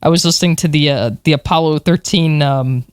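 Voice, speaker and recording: A podcast co-host telling stories in an animated way, with plenty of fillers and laughs. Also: medium pitch, fairly quick, clear, resonant tone, no room sound, clean studio sound. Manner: animated storyteller, many fillers, laughs while talking. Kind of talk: casual chat.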